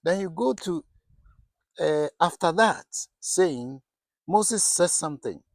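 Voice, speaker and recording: A middle-aged man preaching a sermon speaks slowly but animatedly in a fairly high pitch, asking his audience rhetorical questions and repeatedly restarting. There is no room sound.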